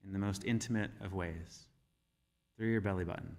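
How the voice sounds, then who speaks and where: A man giving a sermon as minister, speaking in a measured, gentle storytelling manner. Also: low-pitched. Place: church sanctuary. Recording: reverberant church hall.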